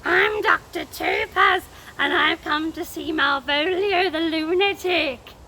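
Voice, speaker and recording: A woman voicing a male jester disguised as a gruff, stern doctor, in a storybook telling. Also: extremely high pitch, slow pace, bright, forceful tone, slight background noise, voice pushed up, full character voice. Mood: mock-pompous. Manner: stern, mock-solemn.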